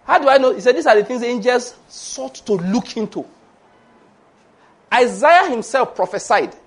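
A man's voice: extremely high pitch, lively intonation, normal speed. A man preaching a sermon, laughing often and acting out the voices of the people he quotes.

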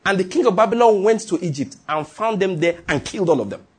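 A man's voice: high-pitched, animated, fast talker, breathy edge. A middle-aged man preaching a sermon as a pastor, emphatic and repetitive, breaking into chuckles.

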